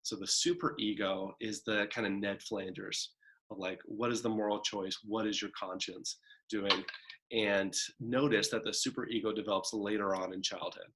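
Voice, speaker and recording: Guy lecturing a psych class, kinda low voice, chatty, keeps saying right and kind of. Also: fairly even intonation, normal speed, fairly bright tone. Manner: conversational, frequent "right?" and "kind of" asides; acts out a demanding child's voice in examples.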